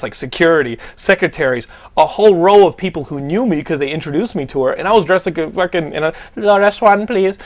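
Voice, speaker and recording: A young man hosts a podcast in loose, casual chat, his voice sitting a little high for a guy. He tells stories with lots of energy, trips over restarts and swears freely as he goes. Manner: animated storytelling, heavy swearing, lots of likes and restarts. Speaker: podcast host.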